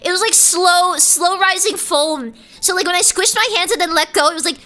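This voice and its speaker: A woman streamer telling a story casually, animated and giggly, acting out the people she quotes. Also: very high-pitched, moderate pace.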